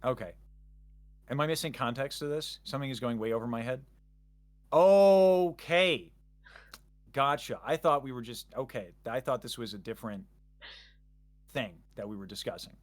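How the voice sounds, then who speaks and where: A man's voice: medium pitch, a little fast, fairly bright tone. A man chatting casually as a guest, rambling and self-interrupting with jokes. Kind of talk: casual chat.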